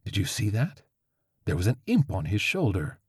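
A man voicing a sardonic male crow familiar with a slow, drawling, dire delivery. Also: deep voice, animated, a little mellow, slightly rough, no echo, studio quality, exaggerated voice.

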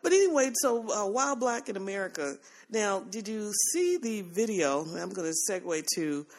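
Laughing, animated woman podcast host. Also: mid-range voice, normal speed. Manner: animated storytelling, laughs often, acts out quotes. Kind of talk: casual chat.

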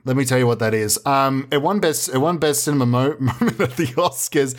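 A man doing a deadpan, rambling comedy monologue full of absurd made-up explanations. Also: mid-range voice, brisk.

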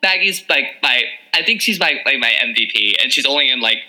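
A young woman hosts a casual podcast chat, her voice bright and forceful. She talks in animated bursts, peppered with fillers and laughs. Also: extremely low pitch, brisk, poor audio. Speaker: podcast co-host.

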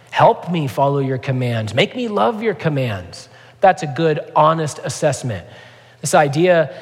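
A man's voice: fairly high pitch, long reverb tail. A man preaching a sermon as pastor, earnest and conversational, with frequent asides to his congregation.

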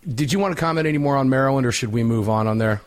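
Chatty folksy guy hosting a radio talk show, mid pitched, reading ads n asking his guest stuff. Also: rapid-fire.

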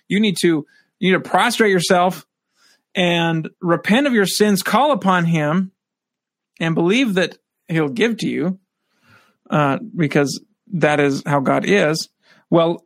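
High-voiced man teaching scripture, dry sound. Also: fairly bright tone, dry recording. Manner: reads verses aloud then comments. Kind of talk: scripture study lesson.

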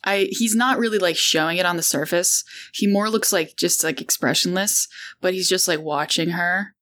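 A woman's voice: lowish voice, moderate pace, a bit bright. A woman player in a tabletop game, describing her character hesitantly with many fillers.

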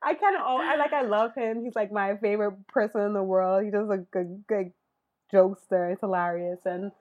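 Female interview guest, chatty maker, lots of fillers, mid-range pitch. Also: fairly even intonation, a little fast, narrow, tinny audio. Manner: chatty, laughs often, filler-heavy. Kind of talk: casual interview chat.

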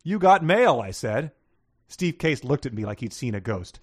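A man reading aloud in the voice of a slow-witted Southern man, with a put-on Southern accent and folksy, ungrammatical speech. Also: medium pitch, big pitch swings, no room sound, studio quality. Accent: American Southern, put on. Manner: folksy drawl with broken grammar.

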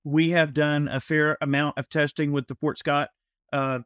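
A man co-hosting a panel show, talking in a measured way full of "uh" and "you know". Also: fairly high pitch, flat delivery, a bit bright, clean tone, no room sound, studio quality. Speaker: podcast co-host. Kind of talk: casual panel chat.

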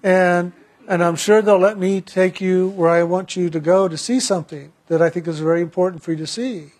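A man voicing a calm male spirit guide who speaks gently and persuasively, in his own high voice. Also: brisk, close to an everyday voice. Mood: coaxing.

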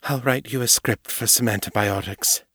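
A poised, elegant female vampire speaks crisply and archly, calling people darling with dry composure, as a male narrator puts her on. The recording is close and dry, without room sound. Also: mid-range voice, moderate pace, pushed and bright, no echo. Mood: arch concerned. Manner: crisp, arch, endearments like darling.

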